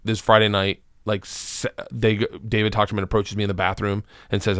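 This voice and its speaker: A man, a comedian guest on a podcast, telling a rambling comic story full of swearing and rising excitement, close to a studio mic. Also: lowish voice, a little fast, clear, resonant tone, dry recording. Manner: rambling, profane, gets loud and excited.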